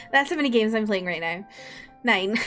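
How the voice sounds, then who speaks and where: A woman's voice: mid-range voice, fairly bright tone. A tired young woman streamer chatting casually and rambling, often breaking into laughs.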